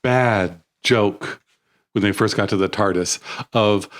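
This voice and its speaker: A man's voice: fairly low pitch, takes it slowly, fairly bright tone. A man co-hosting a podcast, chatting casually, laughing a lot as he pokes holes in a film's plot. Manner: laughs often, mimics characters mockingly. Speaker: podcast co-host. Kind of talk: casual chat.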